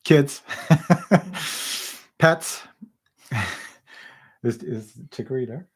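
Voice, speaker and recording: A man's voice: a little high, very slow, slightly rough. A man in his thirties co-hosting a casual livestream, greeting viewers and reading their comments aloud with frequent laughs. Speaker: livestream co-host.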